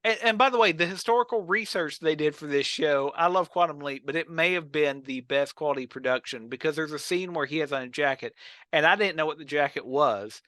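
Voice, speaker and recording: A man with a bright, forceful, somewhat high voice chats casually on a podcast, retelling old television scenes with lively energy. The sound is close and dry. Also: fairly quick, no room sound. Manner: animated storyteller, acts out quotes. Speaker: podcast co-host. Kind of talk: casual chat about old films and TV.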